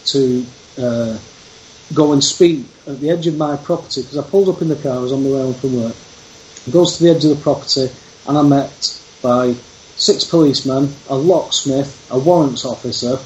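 A man's voice: fairly high pitch, a little mellow, a little hiss or hum. Guy telling his story, pretty emphatic, echoey muffled audio. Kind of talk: casual conversation. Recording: roomy, dull lo-fi sound with faint background.

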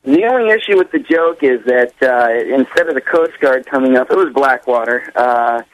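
A man's voice: mid-range voice, expressive, normal speed, low-quality recording. A man co-hosting a casual chat, speaking in a dry, sardonic way.

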